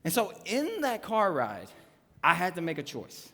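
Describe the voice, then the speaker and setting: Animated pastor in a big hall. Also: male voice, high voice, measured pace. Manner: animated storytelling with voiced quotes. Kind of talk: sermon storytelling. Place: church auditorium. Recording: live sermon in a large hall.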